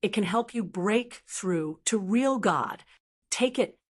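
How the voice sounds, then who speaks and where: A woman doing a calm, mocking young master. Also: mid-range voice, takes it slowly, husky.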